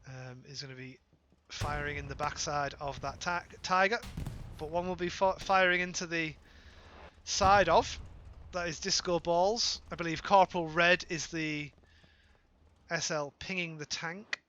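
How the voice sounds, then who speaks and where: A British man calling a live game match, his voice bright and sitting a touch high. He talks playfully, throwing in jokes and correcting himself on the fly, with a faint hiss behind him. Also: lo-fi sound. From Britain. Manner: playful, joking asides and quick self-corrections. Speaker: esports caster.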